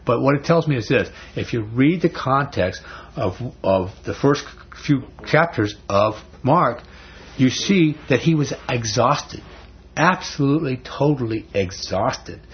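A man's voice: mid-range voice, expressive, unhurried, slight background noise. A man teaching a Bible study in a conversational, folksy way, often restarting words. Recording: dull lo-fi recording.

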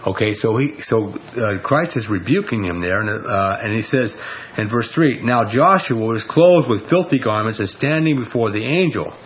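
Going through a Bible passage verse by verse, a man with a fairly low voice and lively intonation talks at a moderate pace, repeatedly checking on listeners with "okay?". The recording lacks highs and has a little hiss or hum.

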